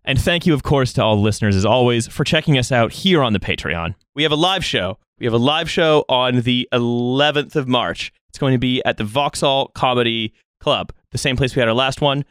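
A podcast host chats casually in a medium-pitched, animated voice with a fairly bright tone, moving at a normal speed. He laughs a lot and swears freely. The recording is dry and clean, with studio-quality sound.

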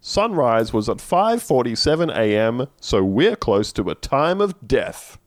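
A man's voice: mid-range voice, sing-song, unhurried, dry recording, studio quality. A man co-hosting a podcast, recapping a TV episode in casual chat with sarcastic asides and laughter. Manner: sarcastic, swears, laughs while talking. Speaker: podcast co-host.

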